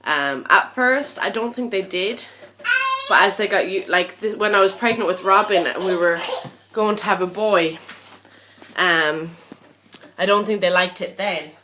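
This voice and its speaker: A woman's voice: medium pitch, unhurried, background noise. A young woman chatting casually to camera in a vlog, tired and a little out of breath, rambling and frank with lots of ums. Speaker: vlogger.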